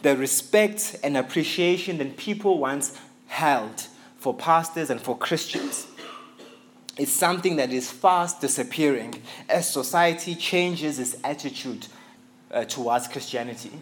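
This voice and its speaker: A man's voice: on the high side, slight background noise. A man from Africa, preaching a sermon as a visiting pastor in an earnest, emphatic way, repeating key phrases for stress. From South Africa. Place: church in England.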